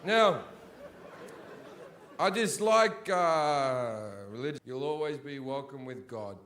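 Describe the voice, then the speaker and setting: Sweary stand-up guy, blunt and sardonic, fairly high voice, live venue. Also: expressive, slow pace, a bit bright, slight background noise. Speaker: stand-up comedian. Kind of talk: stand-up comedy set. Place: live comedy venue before an audience.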